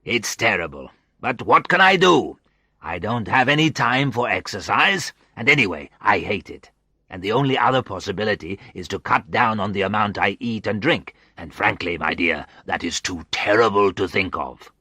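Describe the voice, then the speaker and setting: A booming, jovial heavyset fixer, cheerful and loud, as a male storyteller puts him on. The voice is low-pitched but bright, and the sound is close and dry. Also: animated, normal speed, breathy edge, no room sound, exaggerated voice.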